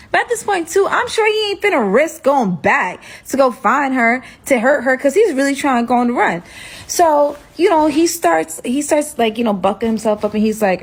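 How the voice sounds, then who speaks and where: Woman storyteller, mid-range voice, dramatic and chatty, faint noise behind. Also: mid-range voice. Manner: animated, dramatic retelling with rhetorical asides. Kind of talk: casual storytime.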